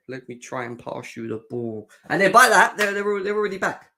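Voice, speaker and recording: A man's voice: high-pitched, very animated, a little fast, creaky, sharp tone. A young man hosting a fan livestream, chatting sarcastically and reacting to comments from the chat. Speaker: fan show host.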